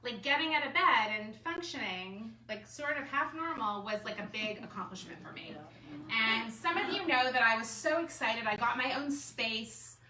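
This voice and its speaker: A woman who is an artist and designer, telling a personal story to a group in a chatty, animated way with lots of "like". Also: on the high side, moderate pace. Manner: chatty, animated storytelling full of "like" and self-quotes. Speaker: artist and designer speaking at a gathering. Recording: echoey room, mic far off, faint room noise.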